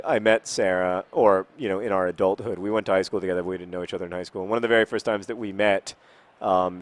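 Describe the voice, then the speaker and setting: In a lowish voice, a man in his thirties rambles through casual chat while playing a football video game. He mocks himself and breaks into sudden frustrated outbursts.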